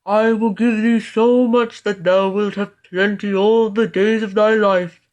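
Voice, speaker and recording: A woman voicing a male spirit from a bottle who grows to giant size, in a storybook reading; he speaks slowly in old-fashioned words. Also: mid-range voice, steady tone, darkish tone, natural voice. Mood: coaxing.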